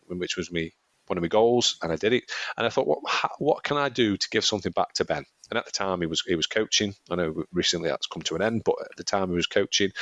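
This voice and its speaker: A man co-hosting a casual podcast, rambling through his stories and laughing often. His voice sits fairly low. The recording is dry and a little dull. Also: no room sound. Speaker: podcast co-host. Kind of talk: casual chat.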